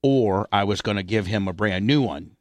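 A man's voice: lowish voice, moderate pace, no echo. A man hosting a talk show, telling a rambling, profane childhood story full of restarts. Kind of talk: casual storytelling.

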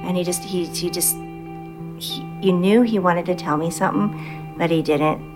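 A woman's voice: fairly low pitch, normal speed, over music. A middle-aged mother telling a story in an interview, animatedly acting out what she said back then. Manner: animated storyteller acting out her own quotes. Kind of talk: casual interview.

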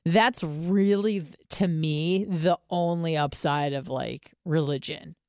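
A woman's voice: low voice, slow pace, darkish tone, dry recording, studio quality. A young American woman talking candidly in a casual podcast chat, swearing freely and filling gaps with "like" and "um". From United States.

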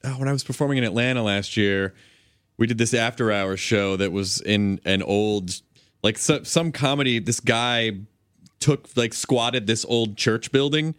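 A man's voice: medium pitch, unhurried, fairly bright tone. Casual swearing podcast host, man.

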